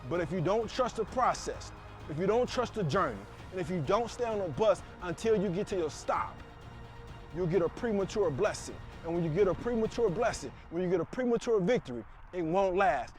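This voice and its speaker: A middle-aged man delivers a motivational speech to the camera outdoors, with soft music in the background. His high-pitched, animated voice moves at a moderate pace as he preaches emphatically, repeating himself and calling out to listeners.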